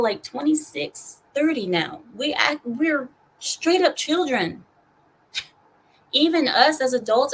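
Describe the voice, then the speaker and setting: A young woman from California hosting a stream, animated and sarcastic as she rants through news commentary. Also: a little high, breathy edge, poor audio. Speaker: streamer and host.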